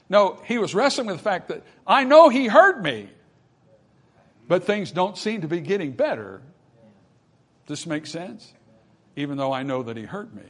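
A man preaching a sermon, repeating phrases and asking the listeners whether they follow, moving from hushed passages to loud emphatic ones. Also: a little high. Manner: repetitive, addresses audience with questions.

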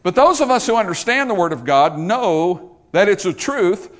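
A man's voice: high voice, sing-song, moderate pace. A man preaching a sermon as pastor, emphatic, building through repeated rhetorical lines and questions. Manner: emphatic, rising to forceful repetition, rhetorical questions.

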